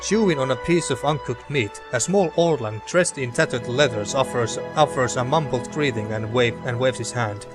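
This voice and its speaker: A man's voice: mid-range voice, moderate pace, hardly any pauses, over music. A man hosting a let's play, reading game text aloud and chatting casually, often tripping over words and swearing. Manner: stumbling over words, loose and profane.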